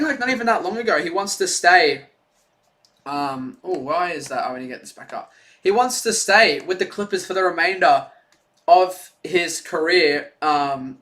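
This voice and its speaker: A man's voice: on the high side, pushed and bright. A man giving casual, rambling live play-by-play commentary on a stream, chatty and full of fillers. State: out of breath.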